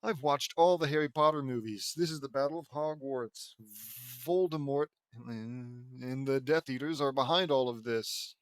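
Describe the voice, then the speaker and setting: A man's voice: mid-range voice, unhurried, no room sound, natural voice. A man reading the lines of a know-it-all teenage girl in a fan story, in his own plain, dry voice. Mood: excited.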